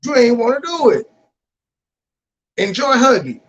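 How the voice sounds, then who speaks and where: Male streamer, confrontational and profane, high husky voice. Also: sing-song, unhurried, fairly bright tone, lo-fi sound. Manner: combative, profane, calling out rivals. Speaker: livestream host. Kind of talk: heated livestream call-in talk.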